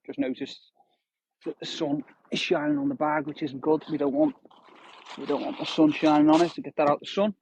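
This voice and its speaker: Fishing on a windy shore, a livestreamer in his thirties talks casually to his audience in a slightly high voice with a darkish tone. The phone stream captures him dry and tinny.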